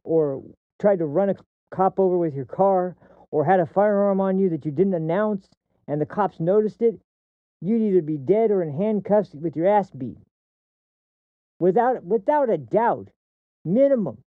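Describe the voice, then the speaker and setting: Male streamer host, fiery profane political rant, slightly high voice, dry tinny phone-like sound. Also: animated, moderate pace, no echo. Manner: heated, profane ranting; repeats and restarts words mid-sentence. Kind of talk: political commentary livestream.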